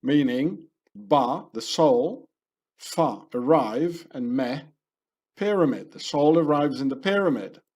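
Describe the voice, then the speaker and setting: A man's voice: medium pitch, lively intonation, slow pace, darkish tone. A man narrating a conspiracy video in a rambling, ranting voice-over, full of fillers and restarts.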